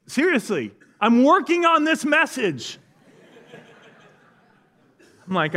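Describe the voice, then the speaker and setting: A man delivers a church sermon in a loose, conversational way. He leans on personal anecdotes and pokes fun at himself as he goes. His speaking voice sits fairly high for a man. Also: moderate pace, few pauses. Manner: conversational, self-deprecating humor, animated storytelling. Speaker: pastor.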